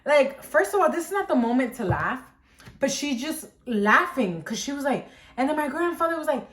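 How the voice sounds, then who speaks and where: Animated young woman telling a story. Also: high-pitched, normal speed. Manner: animated, dramatic, heavy use of "like". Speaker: storytime vlogger. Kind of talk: casual storytime. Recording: roomy echoing room.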